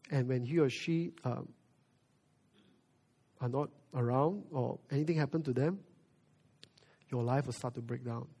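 A male pastor preaching a sermon, moving from quiet reflection to loud emphasis. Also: mid-range voice, breathy edge.

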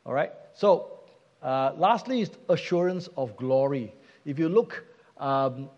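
A man's voice: on the high side, measured pace, a little mellow. A man preaching a sermon, earnest and emphatic, asking rhetorical questions. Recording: dull sound with long hall reverb.

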